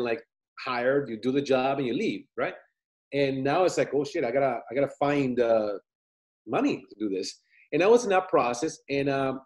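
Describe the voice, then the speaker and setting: A man being interviewed about his filmmaking, talking in a rambling, animated way and acting out what people said. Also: mid-range voice. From Italian family, lives in United States. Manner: rambling, animated, acts out quotes. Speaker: filmmaker guest. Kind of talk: casual interview storytelling.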